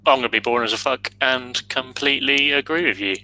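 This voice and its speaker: A man's voice: mid-range voice, fast talker, sharp tone, poor audio. A man on a casual football podcast panel, agreeable and a little hesitant, hedging his points.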